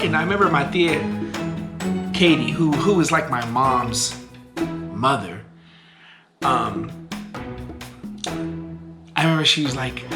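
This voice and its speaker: A woman vlogger telling a family story in a casual, animated way, full of fillers and restarts. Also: deep voice, slow pace, pauses often. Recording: echoey room with music behind.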